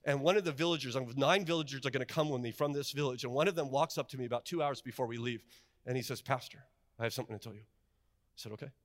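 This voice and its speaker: A man preaching a sermon as a pastor, asking the congregation "right?" and swinging between loud outbursts and hushed storytelling. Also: medium pitch. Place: chapel. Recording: long reverb of a chapel.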